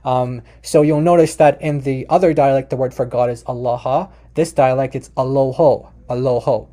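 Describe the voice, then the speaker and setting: A man with a mellow, mid-range voice teaches language in a relaxed, chatty way, talking fairly quickly in a steady tone. He speaks straight to his viewers, calling them "you guys," and keeps restarting his sentences.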